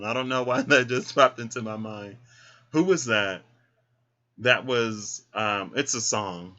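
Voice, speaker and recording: A man's voice: mid-range voice, a little slow, sharp tone. Sassy, chatty male tarot reader. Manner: sassy, chatty, talks to the listener as "girl". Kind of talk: casual tarot reading talk. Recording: dull lo-fi sound.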